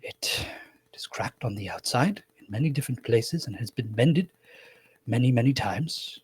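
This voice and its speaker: A man voicing a timid old man who speaks in a soft, hesitant and formal way with a husky, breathy voice. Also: mid-range voice, expressive, normal speed, no room sound. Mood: wary. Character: timid, worried old man named Salim.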